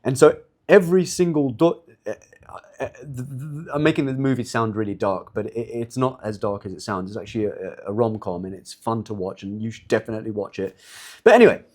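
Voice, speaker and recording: A man's voice: on the low side, brisk, a little mellow. Conversational man giving a casual lecture. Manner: conversational, repeats words and restarts, addresses audience directly. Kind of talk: informal religious lecture.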